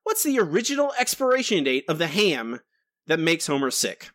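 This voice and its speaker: Animated, jokey male podcast co-host. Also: fairly high pitch, moderate pace, no echo. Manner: animated, jokey, self-deprecating. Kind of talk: casual chat.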